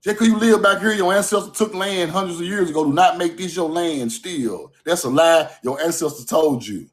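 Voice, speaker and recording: Fired-up man, high voice, livestream rant from home, loud and profane, "bro" every line. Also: moderate pace. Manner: loud, fired-up, repeats "bro", swears, laughs between points. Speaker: livestream host.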